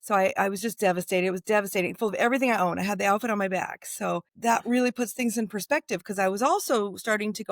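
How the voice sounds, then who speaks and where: A woman's voice: medium pitch, quick pace, few pauses, no room sound, studio quality. A woman in her fifties from the United States, a guest author telling travel stories in a casual interview and acting out the dialogue. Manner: animated storyteller, acts out quoted dialogue.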